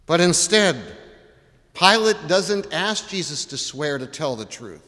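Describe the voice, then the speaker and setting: Bright-voiced male pastor preaching. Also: fairly high pitch, big pitch swings, a little slow, big-room sound. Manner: asks the congregation repeated questions. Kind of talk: sermon. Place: church.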